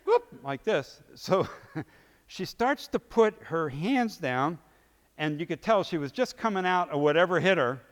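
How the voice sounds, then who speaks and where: A man preaching, telling a story vividly and acting out its scenes, his loudness swinging from hushed to booming. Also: lively intonation, a little slow, big-room sound. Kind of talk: sermon storytelling.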